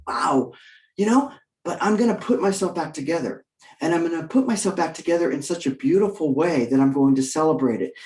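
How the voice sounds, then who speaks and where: Man, leadership coach, webinar talk, animated, repeats words, slightly high voice, echoey room. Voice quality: animated, with quick jumps in pitch and frequent restarts.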